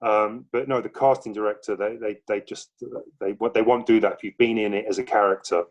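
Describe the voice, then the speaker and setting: A man who is an actor, talking as a podcast guest in a relaxed, rambling way with hesitant fillers. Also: lowish voice, a little fast. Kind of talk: casual interview chat.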